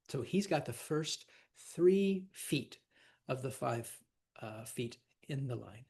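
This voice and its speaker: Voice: mid-range voice, lively intonation, slow, creaky, a little mellow, breathy edge. A teacher giving a loose, chatty lecture on verse, with asides and fillers, sometimes counting out stresses in sing-song syllables.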